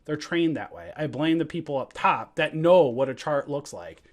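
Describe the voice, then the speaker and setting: A man in a heated, profane rant about the markets, bursting loud and then dropping to mutters. His pitch swings widely from line to line. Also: animated, normal speed. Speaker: stock trading educator. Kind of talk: angry livestream rant.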